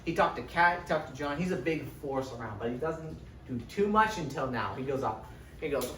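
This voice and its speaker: A man's voice: medium pitch, expressive, brisk, fairly bright tone, roomy sound. Young man, casual profane recap, distant mic, faint hiss. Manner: chatty, profane, keeps tagging "right?". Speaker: lecturer recapping a book series. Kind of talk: casual, rambling spoken recap.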